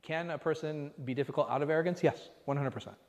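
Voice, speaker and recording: This imam's voice sits on the high side and is a little mellow, and he talks quickly. His religious class is conversational and peppered with rhetorical questions to the listeners, recorded in a mosque class hall that echoes noticeably.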